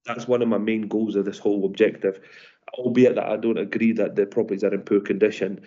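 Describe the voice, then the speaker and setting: A man who owns property, speaking as an objector at a formal meeting in an earnest, halting way. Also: on the low side, little pitch movement, mellow. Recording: dull lo-fi audio.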